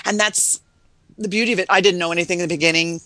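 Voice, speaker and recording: Animated middle-aged woman, bright and dry. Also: fast, no room sound. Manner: animated storyteller, acts out quoted voices in a high sweet tone. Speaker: real estate investor guest. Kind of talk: casual interview chat.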